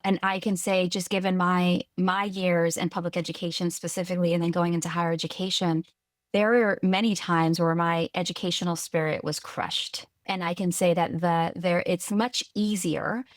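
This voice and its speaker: A woman from California, a guest on a podcast interview, telling her story earnestly and with lively restarts. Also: lowish voice, moderate pace, no echo, clean studio sound. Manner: earnest, lively retelling with restarts and quoted voices. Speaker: guest, tech executive.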